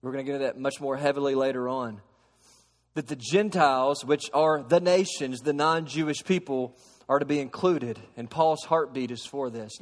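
A man preaching a sermon, moving between hushed storytelling and raised, emphatic preaching. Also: on the high side. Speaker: pastor. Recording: long hall reverb.

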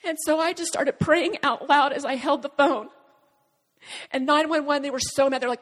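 High-voiced woman giving an earnest testimony. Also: fairly bright tone, big-room sound. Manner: halting, earnest retelling with dramatic pauses. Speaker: speaker sharing a personal testimony. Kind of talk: emotional spoken testimony.

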